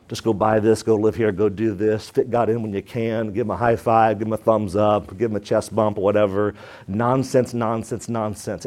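A man preaching a sermon to a church congregation, energetic and emphatic, calling for responses from the room. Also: fairly low pitch. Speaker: pastor.

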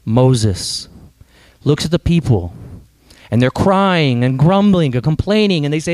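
A man preaching a sermon earnestly and emphatically, with dramatic pauses. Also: a little high, very animated, darkish tone, no room sound. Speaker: pastor.

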